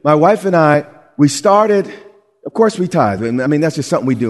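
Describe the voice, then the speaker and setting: A middle-aged man preaching a sermon as pastor, animated and conversational, often restarting his sentences. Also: a little high, brisk, long reverb tail.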